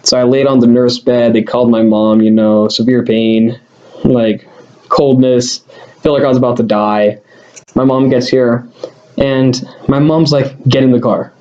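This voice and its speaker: A man's voice: mid-range voice, steady tone, measured pace, mellow, muffled recording. Rambling young man telling a story. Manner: rambling, filler-heavy, self-deprecating. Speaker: vlogger. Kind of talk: casual storytelling to camera.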